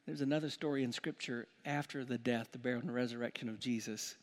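A man preaching a sermon as pastor, building to loud emphatic peaks and then dropping to a hushed, quiet tone. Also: medium pitch, animated, fairly quick, few pauses.

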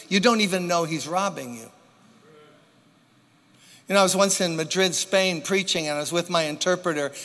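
A man preaching a sermon to a church congregation, with dramatic pauses and emphatic repetition. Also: a little high, fairly bright tone. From New York. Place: church sanctuary. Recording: long hall reverb.

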